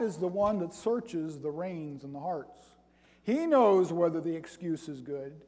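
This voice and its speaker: A man preaching a sermon, reading scripture aloud and building to loud, emphatic points. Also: fairly high pitch, animated, unhurried. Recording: long hall reverb.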